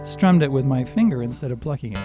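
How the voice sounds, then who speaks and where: A man's voice: mid-range voice, lively intonation, quick pace. An older man giving a live-streamed guitar lesson, talking through chords and strum patterns and chatting with viewers by name. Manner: talks through chords and strums, sings lines softly. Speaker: guitar teacher. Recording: guitar playing under the voice.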